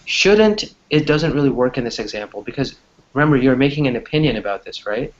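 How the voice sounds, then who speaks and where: A man's voice: mid-range voice, lively intonation, fairly quick. Guy teaching english over a video call, chatty, keeps saying right, kinda muffled audio. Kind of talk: online English class.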